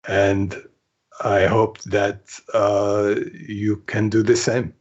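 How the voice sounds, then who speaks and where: Very slow, halting man in character. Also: lowish voice, level tone, muffled recording. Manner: halting, earnest, with many pauses and fillers. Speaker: player. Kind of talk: in-character tabletop role-play.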